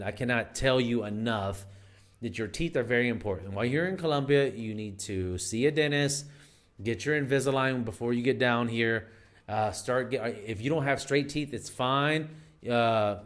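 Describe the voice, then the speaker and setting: A man talks straight to camera, handing out dating advice in a loose, unscripted way. He is emphatic but keeps circling back and restarting his sentences. His pitch sits in a middle range. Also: a bit bright. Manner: rambling and emphatic, frequent fillers and restarts. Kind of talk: casual advice monologue.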